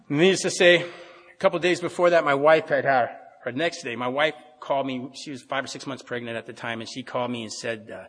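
Middle-aged guy telling his recovery story fast, rambly and earnest, echoey meeting hall. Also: medium pitch, a bit bright. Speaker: AA speaker. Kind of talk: personal recovery talk. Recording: long hall reverb.

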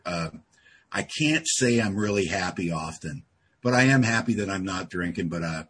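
A man speaking at a recovery meeting, telling a personal story with big swings from low mutters to loud outbursts. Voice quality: very husky. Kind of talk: storytelling talk.

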